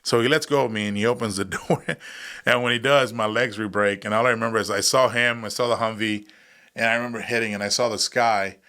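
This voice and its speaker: A man in his thirties with a somewhat low voice, talking as a podcast guest. He tells his story in a loose, casual way, jumping into the voices of the people in it and laughing as he goes. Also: fast. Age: 30s. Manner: animated, acts out voices in his stories, laughs often. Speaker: guest, combat veteran.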